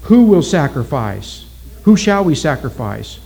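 A man voicing a stern male tribal witch doctor who speaks in a solemn, flat, commanding way. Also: a little high, a little slow, vocal fry, exaggerated voice. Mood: ritual shouting.

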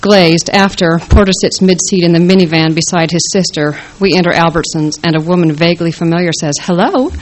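A woman's voice: on the low side, level tone, brisk, few pauses, slight background noise, rough recording. Wry woman reading her own story. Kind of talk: first-person literary reading.

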